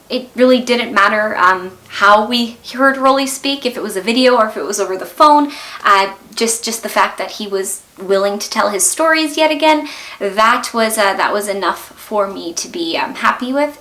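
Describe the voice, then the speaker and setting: A woman's voice: a little high, expressive, moderate pace, pushed and bright, reverberant. A young woman hosting a video series, emotional and rambling as she wraps up an interview. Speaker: host. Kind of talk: vlog outro.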